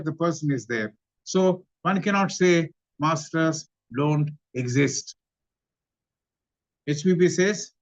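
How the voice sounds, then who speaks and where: A man with an Indian English accent gives a study-class talk, in a measured way that recaps and repeats points. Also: on the high side. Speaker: lecturer on theosophy. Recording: dull lo-fi recording.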